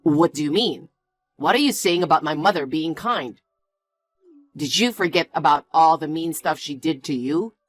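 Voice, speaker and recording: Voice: medium pitch, moderate pace, close to an everyday voice. A stubborn young fiancé who talks bluntly and bossily, always on the defensive, as a story voice puts him on. The voice sits mid-range, with faint music behind. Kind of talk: scripted story dialogue.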